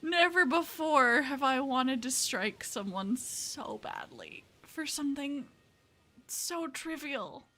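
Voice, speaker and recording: A young woman streaming live, chatting casually with viewers, bubbly and talkative with loud exclamations. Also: sits high, very animated, slow pace. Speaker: VTuber streamer.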